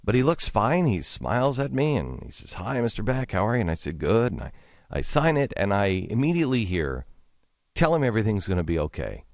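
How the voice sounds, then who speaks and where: A middle-aged man hosting a radio talk show, telling a story in a rambling, halting way with many restarts. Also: very animated, a little mellow, dry recording, studio quality. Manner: rambling, halting with many restarts, drops low for quoted asides. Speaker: radio host. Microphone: studio microphone.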